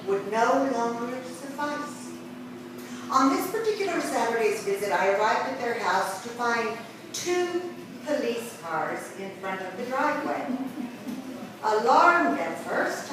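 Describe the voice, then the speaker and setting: Wry middle-aged woman telling a story. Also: a little high. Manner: wry, dry humor. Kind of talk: personal storytelling. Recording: echoey room from a distance with background noise.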